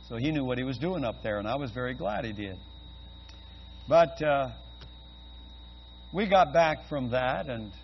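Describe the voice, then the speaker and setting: An older man preaching a sermon, telling a personal story and building to loud, fervent exclamations. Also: mid-range voice. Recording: dull lo-fi audio with faint hum.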